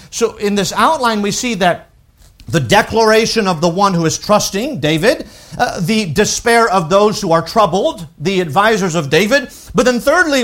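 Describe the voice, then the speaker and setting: A man preaching a sermon with emphatic swings from loud declarations to hushed, drawn-out lines, repeating words as he works through a thought. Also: high-pitched. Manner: unhurried, deliberate, with pauses and repeated words. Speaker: pastor.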